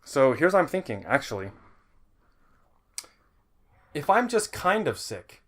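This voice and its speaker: A man's voice: a little high, sing-song, measured pace, a bit bright. A man co-hosting a podcast in casual chat, rambling and joking, often trailing off and restarting. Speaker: podcast co-host.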